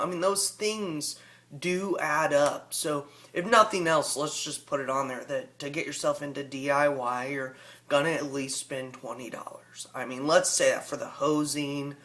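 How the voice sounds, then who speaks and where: A man's voice: on the high side, steady tone, normal speed, bright, forceful tone. Chatty man with a rural Southern drawl. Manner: rambling, chatty, folksy. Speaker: aquarium hobbyist vlogger. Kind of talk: casual vlog talk.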